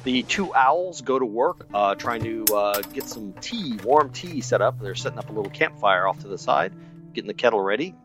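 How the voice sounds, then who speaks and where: A man narrating as game master of a tabletop role-playing game, describing scenes in lively detail. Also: mid-range voice, moderate pace, music in the background.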